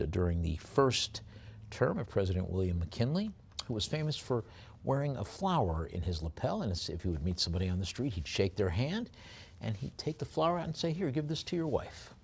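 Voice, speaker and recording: A man running a live auction, his voice rough with gravel. He rattles off bids fast and drifts into chatty remarks about the lots. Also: lowish voice, expressive. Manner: rapid bid calling with chatty asides.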